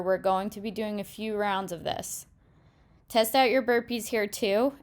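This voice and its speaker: This fitness teacher, a young woman with a mid-range voice, demonstrates a home workout and explains every move in turn. Her breath runs short now and then, and the recording has no room sound.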